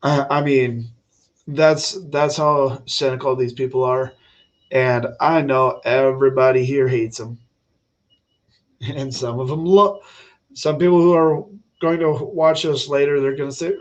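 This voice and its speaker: Blunt, opinionated man hosting a livestream; unhurried delivery, mid-range pitch, rambling chat. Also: fairly even intonation, dull audio. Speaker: livestream host. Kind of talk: casual political livestream talk.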